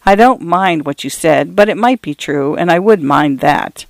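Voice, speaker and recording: A man reading aloud as a proud old pioneer grandfather in a storybook, gentle and measured, his hurt kept quiet under a dignified calm. The voice sits a little high, close and dry. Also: gravelly, no room sound. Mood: wistful.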